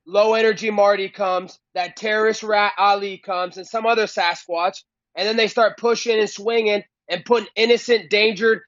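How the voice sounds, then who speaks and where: Cocky trash-talking man, high voice. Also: fairly bright tone, dry recording, muffled recording. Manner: cocky, mocking, boastful. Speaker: fighter being interviewed. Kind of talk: boastful trash talk.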